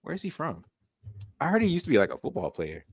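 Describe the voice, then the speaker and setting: A man hosting a casual podcast chat, animated and rambling, often laughing and restarting his sentences. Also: a little high, fast, husky, no room sound. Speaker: podcast host.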